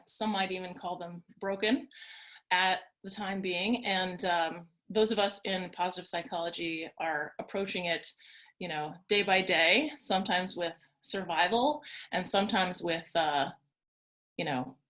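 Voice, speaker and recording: A woman's voice: mid-range voice, fairly bright tone. Upbeat woman giving an online workshop. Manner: upbeat, conversational storyteller. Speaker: workshop presenter. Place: home in Washington, D.C.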